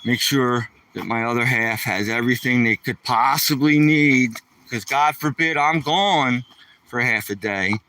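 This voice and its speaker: A man's voice: medium pitch, unhurried, pushed and bright, far from the mic. A man chatting casually while walking his dog outdoors, rambling and joking to the dog and the camera. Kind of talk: casual vlog chat.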